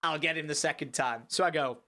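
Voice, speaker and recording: A young man telling a story on a live stream, animated and rambling, with swearing and many restarts. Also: on the high side, brisk.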